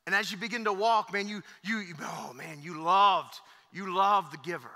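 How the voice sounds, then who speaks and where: A man's voice: high-pitched, moderate pace, sharp tone. A pastor in his thirties preaching a sermon in a church, emphatic and repetitive, with many fillers. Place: church sanctuary. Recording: echoey church hall.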